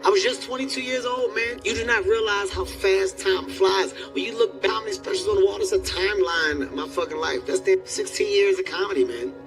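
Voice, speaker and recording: A man in his forties performing a stand-up comedy routine, telling loud, animated stories with sudden shouted outbursts. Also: sits high, fairly quick, hardly any pauses, distant mic, over music. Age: 40s. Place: live comedy stage.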